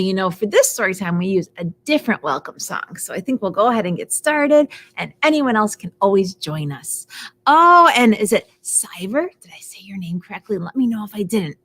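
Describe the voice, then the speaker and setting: A middle-aged woman librarian leading a live storytime for young children in a library storytime room, speaking in an animated sing-song way and greeting children by name. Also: medium pitch, moderate pace.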